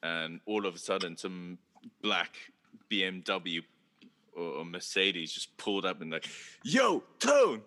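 A man co-hosting a podcast, recalling an anecdote in relaxed, laughing casual chat. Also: low-pitched, a little slow, in a large hall.

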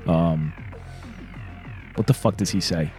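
A man playing a tabletop game, talking bluntly and profanely in quick bursts with frequent restarts. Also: deep voice, a little mellow, faint music behind. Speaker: player. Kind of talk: casual tabletop game play.

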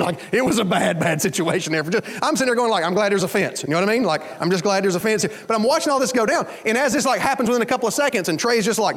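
A man preaching a sermon, telling stories in an animated way and acting out the voices of the people in them. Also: high voice, fast talker. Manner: animated storytelling with quoted voices. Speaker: pastor.

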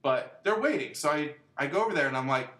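A man in a casual chat, telling animated stories and acting out the voices of people he quotes, laughing often. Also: on the high side, quick pace. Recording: echoey room.

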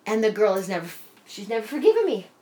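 A woman's voice: mid-range voice, very animated, fast, dark tone. A woman co-hosting a casual chat, telling a story animatedly with lots of swearing. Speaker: podcast co-host.

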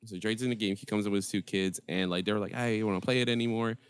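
A man in casual chat, telling lively stories with laughter and acted-out quotes. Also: fairly low pitch, racing, clear, resonant tone, no echo. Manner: animated, laughing, acts out quotes. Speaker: podcast co-host, former game store worker.

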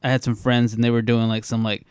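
Sarcastic man telling stories, smooth voice. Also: mid-range voice, fast, no echo, clean studio sound. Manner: animated, sarcastic, profane storyteller. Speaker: podcast co-host. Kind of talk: casual chat.

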